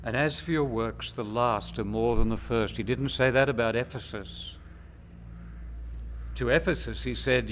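Male preacher, unhurried emphatic delivery, mid-pitched voice, faint noise behind. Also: fairly bright tone. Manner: slow, measured, emphatic preaching with pauses. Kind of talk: sermon.

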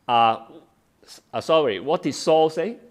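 Man, slightly high voice, sermon, reads verses aloud, explains simply, frequent restarts. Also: animated, unhurried. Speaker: preacher. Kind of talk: sermon, Bible study exposition.

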